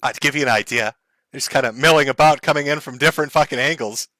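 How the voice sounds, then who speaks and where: A man's voice: mid-range voice, fast, pushed and bright, no echo, studio quality. A man hosting a live stream, commenting on clips in a mocking, profane way and laughing often. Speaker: livestream host.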